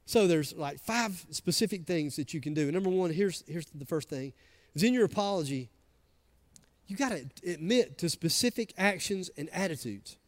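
A man with a Southern US accent preaching a sermon, chatting with the congregation between soft asides and loud emphatic lines. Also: a little high, animated, moderate pace. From American South. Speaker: pastor.

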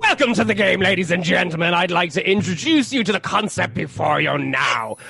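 A man playing a theatrical dungeon master, announcing in a gravelly showman manner over music. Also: high-pitched, animated, a little fast, bright, forceful tone, full character voice. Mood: grandiose.

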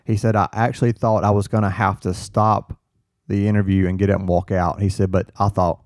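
A man, a firefighter guest, telling an earnest story in casual chat, halting and restarting as he quotes what others said. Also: lowish voice, little pitch movement, darkish tone, no echo, clean studio sound.

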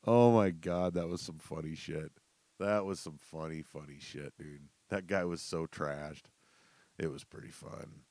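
A young man telling casual, profane stories that ramble along, with laughter and quick bursts. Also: very deep voice, darkish tone, no room sound. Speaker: storyteller. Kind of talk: casual storytelling.

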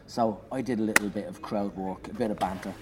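A man, a comedian, telling an animated anecdote in conversation, swearing and shouting out the lines he acts. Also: fairly low pitch, a little fast. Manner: animated, swearing, loud acted-out bursts. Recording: noisy background.

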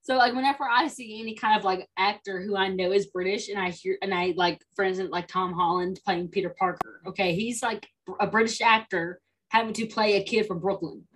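A woman's voice: mid-range voice, steady tone, brisk, few pauses, fairly bright tone, a little hiss or hum, low-quality recording. A young woman with a Southern US accent, co-hosting a casual podcast chat, peppering her talk with "like" and "okay?". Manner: chatty, lots of "like" and "okay?". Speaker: podcast co-host.

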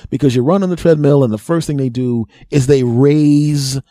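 A man's voice: medium pitch, moderate pace, dark tone, no room sound, studio quality. A man hosting a podcast, delivering a profane, self-mocking comedic monologue. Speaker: podcast host.

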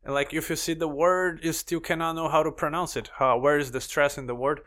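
A man's voice: fairly high pitch, steady tone, brisk, a bit bright. A man hosting a podcast, chatting casually in non-native English and asking his guest questions. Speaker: podcast host. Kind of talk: casual interview chat.

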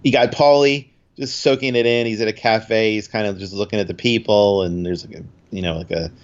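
Man, casual recap, rambling, lots of ums, slightly low voice, muffled lo-fi audio. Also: steady tone, a little fast. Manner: rambling, many fillers, acts out quotes. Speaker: podcast co-host recapping a TV episode. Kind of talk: casual chat.

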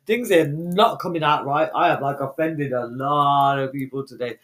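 A woman's voice: low voice, normal speed, crowd noise. A young woman, co-hosting a podcast in casual banter, brash and playful, swearing constantly and trading insults in slangy street talk. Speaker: podcast co-host.

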